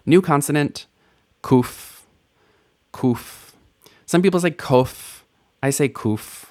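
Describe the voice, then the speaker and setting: A man's voice: fairly high pitch, a little mellow. A man teaching a Hebrew lesson, patiently sounding out letters and vowels one by one in a playful, lightly joking way. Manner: patient, playful teacher, spells out sounds slowly and repeats words. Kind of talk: recorded language lesson.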